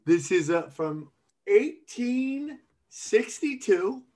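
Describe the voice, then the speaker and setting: A man's voice: high-pitched, big pitch swings, drawn-out words, a little mellow. A man co-hosting a comedy podcast, chatting in a loose, joking, profane way and calling people dude and man. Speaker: podcast co-host. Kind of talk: casual comedic chat.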